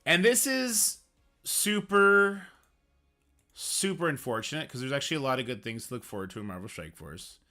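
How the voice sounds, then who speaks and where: A man's voice: mid-range voice, expressive, moderate pace, bright, forceful tone, faint music behind. A man streaming about a mobile game, ranting in an emphatic, frustrated way and swearing now and then. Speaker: gaming streamer. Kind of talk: casual ranting commentary.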